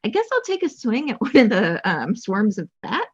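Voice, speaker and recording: A woman's voice: fairly high pitch, huge pitch swings, moderate pace, breathy edge, muffled recording. A woman playing in a tabletop game, wry and playful as she reports her rolls. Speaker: player.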